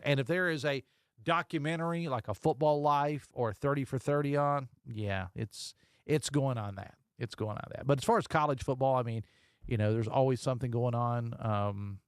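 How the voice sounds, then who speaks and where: A man's voice: medium pitch, smooth, no room sound. A man hosting a casual call-in radio show from a studio, joking and reading listener texts aloud. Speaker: radio talk show host. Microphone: studio microphone.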